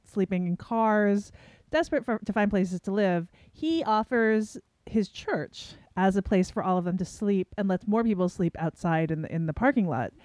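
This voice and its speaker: A woman's voice: mid-range voice, animated, normal speed, a little mellow, no room sound. Dry-voiced woman podcast co-host. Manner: chatty, talks through a story with fillers. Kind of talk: casual film review chat. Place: New York City studio.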